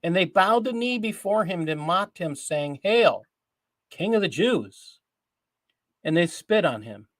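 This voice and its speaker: A man's voice: high-pitched, very animated, no room sound. Earnest man reading scripture aloud. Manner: earnest, deliberate reading with emphatic rises. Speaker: host of a Christian news show.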